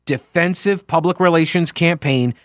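A man's voice: on the high side, moderate pace, dry recording, clean studio sound. A man hosting a political talk radio show, speaking in an opinionated, sarcastic and emphatic way.

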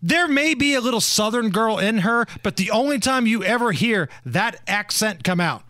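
A man's voice: high voice, expressive, moderate pace, hardly any pauses, sharp tone. A man co-hosting a political podcast, speaking in a mocking, casual tone and laughing often. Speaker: podcast co-host.

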